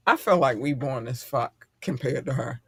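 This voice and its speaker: A middle-aged man hosting a casual podcast chat, animated and profane and quick to laugh. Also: medium pitch, crowd noise. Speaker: podcast host.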